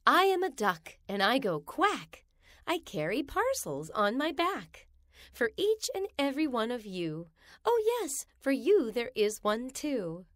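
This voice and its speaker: A woman reads children's rhymes aloud, slow and sing-song, her fairly high voice rising and falling a great deal. The sound is close and dry, with no room around it. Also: sing-song, a bit bright, no echo.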